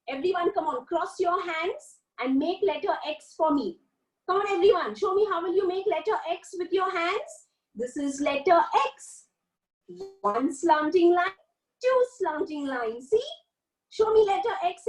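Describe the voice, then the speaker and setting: A woman with a high voice teaching small children, her pitch swinging widely as she coaxes them along. She stretches out syllables in a slow, sing-song delivery. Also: low-quality recording. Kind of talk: online kindergarten lesson.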